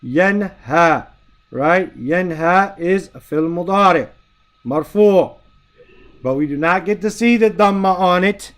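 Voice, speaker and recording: A man teaching a grammar lesson in a fairly high voice. He explains step by step and keeps checking that his students follow. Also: slow pace, a bit bright. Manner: explains patiently, checks in with "right?" often.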